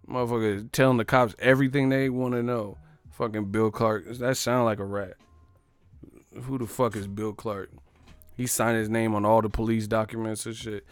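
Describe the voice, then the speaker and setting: A man's voice: fairly low pitch, level tone, normal speed, clear, resonant tone, no room sound, clean studio sound. A man hosting a live stream, riffing on chat with profane, laughing commentary.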